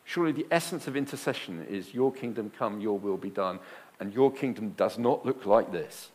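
Male preacher, sermon delivery, emphatic, loud-soft swings, repetition for emphasis. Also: on the low side, animated, normal speed, husky. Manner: emphatic, rising to loud bursts then dropping quiet; repeats phrases for emphasis.

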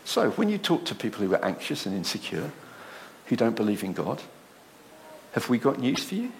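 A male preacher giving a sermon in a church with a lively, rising and falling pitch. He speaks at a middle pitch and keeps putting rhetorical questions to the congregation. When he quotes others, he acts out their voices with a flair for drama. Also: moderate pace, slight background noise.

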